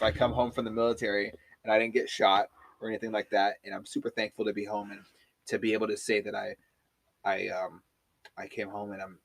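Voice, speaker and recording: A man hosting a casual podcast chat, telling stories in an animated way and swearing freely. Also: fairly low pitch, gravelly, a little hiss or hum.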